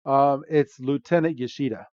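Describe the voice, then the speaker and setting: A man hosting a podcast, retelling a movie scene by scene in a casual, animated way with frequent fillers. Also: medium pitch, moderate pace, no room sound, lo-fi sound. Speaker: podcast host. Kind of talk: casual movie recap chat.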